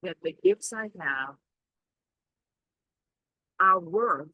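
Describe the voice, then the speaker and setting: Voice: mid-range voice, animated, extremely slow, no room sound, highs cut off. A Reiki practitioner talking casually in a spiritual vlog, rambling and reflective as they reassure themselves aloud.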